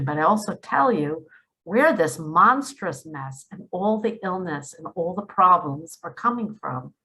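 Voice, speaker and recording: A middle-aged woman delivers an earnest spiritual monologue, slow and emphatic. Her lively pitch swings widely, and she sits on a fairly low register for a woman. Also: slight background noise. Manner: emphatic, pleading, slow and drawn out, drops to a hush for quoted words. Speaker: spiritual video host. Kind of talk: earnest direct-to-camera monologue.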